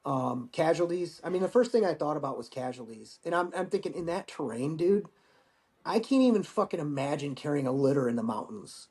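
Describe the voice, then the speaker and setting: A man in his forties, a Marine veteran guest, telling war-training stories in a casual, profane, animated way. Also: fairly high pitch, fairly quick. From United States. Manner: profane, animated storyteller acting out dialogue. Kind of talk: casual storytelling interview.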